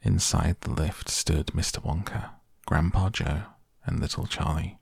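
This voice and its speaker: A man reading a children's novel aloud as an audiobook narrator, calm and measured. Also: sits low, vocal fry, slightly rough, no room sound, studio quality.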